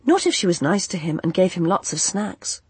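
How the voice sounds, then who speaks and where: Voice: medium pitch, sing-song, a little fast, a little mellow, breathy edge, dry recording, full character voice. Earnest young woman, formal speech, read by the narrator, audiobook character voice. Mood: urgent. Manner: precise, formal, uses no contractions.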